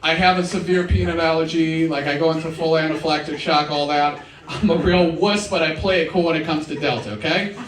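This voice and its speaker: A man's voice: fairly high pitch, steady tone, a little fast. A young man performing a casual stand-up comedy set at a live show, often saying "dude". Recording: roomy live sound, mic at a distance.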